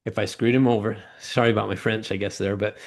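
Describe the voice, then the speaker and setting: A middle-aged man tells stories as a guest in an interview, his voice sitting low. He acts out the people in his anecdotes with lively jumps in pitch, and he often goes back and restarts a phrase as he talks. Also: fast talker. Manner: animated storyteller acting out quoted voices. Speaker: guest, former ladder company owner. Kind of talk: storytelling interview talk.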